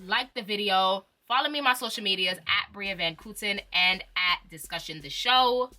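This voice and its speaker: A woman's voice: mid-range voice, moderate pace, bright, forceful tone, faint music behind. A woman hosting her own channel, reviewing reality TV in a chatty, slangy way and laughing often. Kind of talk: casual chat.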